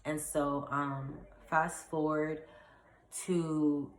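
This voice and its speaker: Chatty low-voiced young woman telling a story. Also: extremely slow, slight background noise. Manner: chatty, animated retelling with fillers and acted-out quotes. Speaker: vlogger. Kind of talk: casual storytime. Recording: echoey room.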